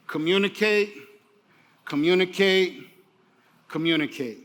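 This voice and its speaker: A middle-aged man delivers a motivational keynote in a bright, high voice. He is emphatic and repeats his key phrases over and over so the audience remembers them. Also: a little slow, pauses often. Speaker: keynote speaker.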